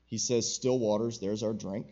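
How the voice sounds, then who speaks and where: Middle-aged guy preaching a sermon, mellow voice, earnest, slows way down on key words, kinda dull recording. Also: on the low side, fairly even intonation. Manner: earnest, slows down to stress key phrases, asks the audience questions. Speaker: pastor.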